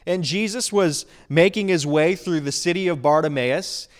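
A man's voice: on the high side, normal speed. Earnest man preaching a sermon. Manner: earnest, emphatic preaching with rising and falling intensity. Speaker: pastor.

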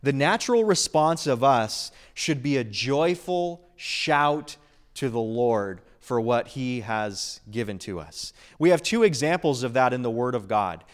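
A man's voice: mid-range voice, expressive, unhurried. Earnest man preaching a sermon. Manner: earnest, emphatic preaching with rising and falling intensity. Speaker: pastor.

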